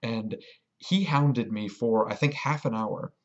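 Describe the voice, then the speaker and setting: A man's voice: medium pitch, slow, muffled recording. Rambling man telling a game story. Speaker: vlogger. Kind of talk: casual storytelling vlog.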